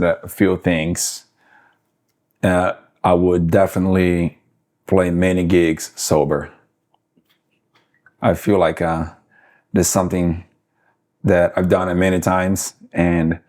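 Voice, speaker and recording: Guest musician: very deep-voiced brazilian man, forties, accented english, halting, fillers. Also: darkish tone. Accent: Brazilian Portuguese. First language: Portuguese. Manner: halting, many fillers and restarts. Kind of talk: casual interview chat.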